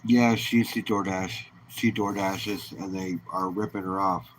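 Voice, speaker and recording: A man with a fairly low voice hosts a relaxed live stream and chats easily with viewers, greeting them one by one. He talks in an informal, friendly way, and a faint hiss sits under his voice. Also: unhurried, rough recording. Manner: easygoing, chatty, greets viewers by name. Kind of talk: casual live-stream chat.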